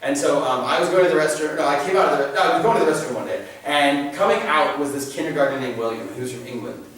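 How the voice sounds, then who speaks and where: A man's voice: fairly high pitch, fast talker. Joking man in an echoey room. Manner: animated, joking, restarts sentences often. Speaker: catechism class presenter. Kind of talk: informal faith talk to a class. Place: church meeting room. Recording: very echoey room, mic at a distance.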